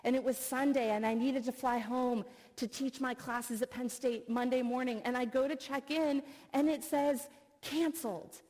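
Expressive woman preaching in a hall. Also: sits high, moderate pace. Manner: storytelling, expressive, earnest. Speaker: speaker, professor. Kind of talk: sermon. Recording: long reverb of a hall.

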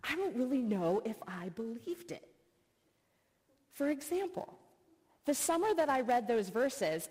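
A middle-aged woman, a professor, giving an earnest sermon full of personal stories and expressive retelling. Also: mid-range voice, breathy edge. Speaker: speaker, professor. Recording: long reverb of a hall.

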